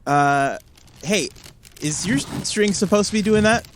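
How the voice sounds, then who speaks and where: A man's voice: high voice, a little slow, slight background noise. A man narrating as game master of a tabletop game, easygoing, with hesitant fillers and chuckles.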